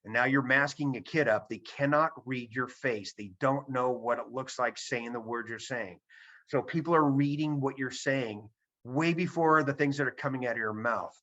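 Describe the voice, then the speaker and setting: Emphatic man with a bright voice. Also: mid-range voice, normal speed. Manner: emphatic, repeats key phrases. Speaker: presenter. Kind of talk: seminar talk to a virtual audience. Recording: dull lo-fi sound.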